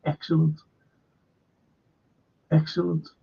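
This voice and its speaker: Gravelly, husky man ranting on a stream. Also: fairly high pitch, monotone, takes it slowly. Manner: profane, rambling, reads viewer comments aloud. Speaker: livestream host. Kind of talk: casual fan livestream chat. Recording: dull lo-fi stream audio.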